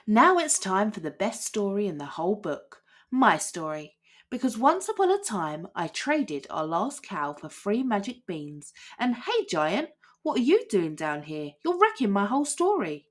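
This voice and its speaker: Cheeky storybook boy, quick and excited, sing-song delivery; woman reader voicing him. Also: medium pitch. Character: cheeky boastful boy Jack.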